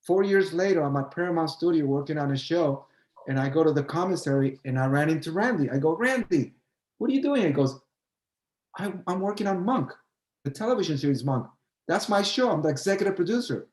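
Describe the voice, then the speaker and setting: A man's voice: on the high side, quick pace, a little mellow, roomy sound, low-quality recording. An older man, a choreographer and guest, telling a story in a casual chat and acting out both sides of the remembered dialogue.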